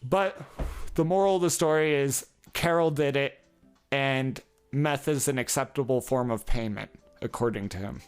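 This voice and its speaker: A man's voice: mid-range voice, moderate pace, smooth, faint music behind. Rambling, foul-mouthed male podcaster. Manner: rambling, heavily profane, chuckles often. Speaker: podcast host. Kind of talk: casual solo podcast monologue.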